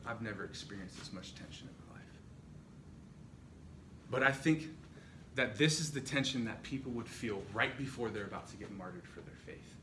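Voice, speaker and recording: A man preaches at normal speed in a church hall, his voice on the low side with a fairly bright tone. His sermon retells a story with dramatic swells and drops in intensity, and the audio is echoey, noisy, and picked up from afar.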